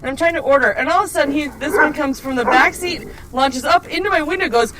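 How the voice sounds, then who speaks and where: A woman's voice: sits high, fast, very noisy. A woman hosting a casual podcast with friends, telling a rowdy story and swearing freely. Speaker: podcast host. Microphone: podcast microphone.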